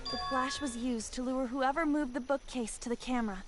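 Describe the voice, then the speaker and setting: A woman's voice: sits high, fairly even intonation, fairly quick, natural voice. A woman voicing an upbeat, earnest teenage girl pianist in an English game dub. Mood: earnest, solemn. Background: game music.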